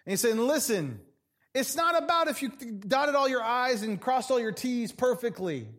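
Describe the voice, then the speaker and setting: A male pastor preaching a sermon in a church, dramatic, swinging from loud passages to hushed ones. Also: very high-pitched, animated, normal speed.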